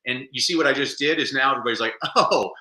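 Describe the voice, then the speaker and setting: A man being interviewed on a podcast, telling animated stories and acting out the quotes. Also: medium pitch, rapid-fire, roomy sound, noisy background. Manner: animated storyteller, acts out quotes. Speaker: guest speaker.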